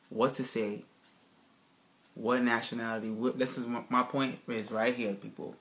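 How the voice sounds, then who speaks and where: A man's voice: medium pitch, steady tone, normal speed, sharp tone. A man giving a casual spoken lecture over slides, emphatic and full of rhetorical questions, often checking in with his listeners and restarting sentences. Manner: emphatic, keeps asking "right, people?".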